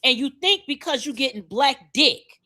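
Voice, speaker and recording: A woman's voice: high-pitched, animated, moderate pace, sharp tone. A woman with a Miami accent, co-hosting a podcast in a blunt, profane, emphatic rant. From Miami, Florida. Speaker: podcast co-host.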